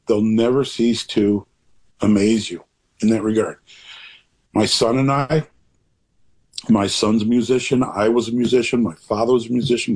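Older guy, kinda husky, mid pitch, thinking out loud and restarting a lot in an interview chat. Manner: rambling and reflective, with many restarts. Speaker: author guest. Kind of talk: casual interview talk.

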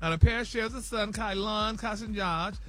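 A man's voice: sits high, moderate pace, pushed and bright, soft background music. A man reading celebrity news on a morning radio show in a dramatic way, peppering every sentence with "y'all" and "honey.". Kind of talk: morning radio gossip report. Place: radio studio.

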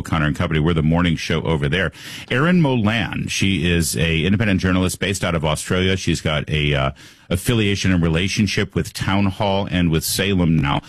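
A male talk radio host holds forth in a sarcastic, opinionated monologue, throwing out rhetorical questions. His voice sits fairly low, and the studio sound is close and dry, with no room echo.

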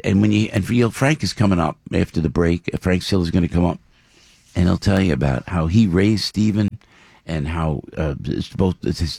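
A talk show host, a man with a low, dark voice, rambles through his stories with many fillers and false starts. His tone is husky, and the recording is dry and close. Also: no echo. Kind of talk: casual talk show monologue.

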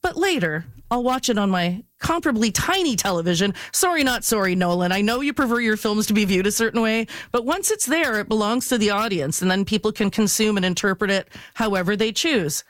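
An enthusiastic woman critic talks about new films and series in an animated way. Her voice sits in the middle range, and the recording is close and dry with no room echo. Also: medium pitch, fairly quick, few pauses. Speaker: film and TV critic. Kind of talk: casual radio review.

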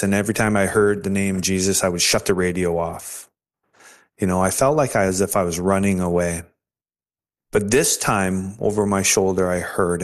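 A man as an interview guest, earnestly telling his personal story of faith with hesitant restarts. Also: deep voice.

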